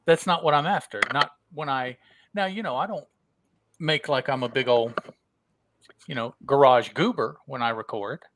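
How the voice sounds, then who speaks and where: Gravelly-voiced man, rambling podcast chat. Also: mid-range voice, a bit bright, low-quality recording. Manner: rambling, halting, repeats words. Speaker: podcast co-host. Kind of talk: casual conversation. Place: home.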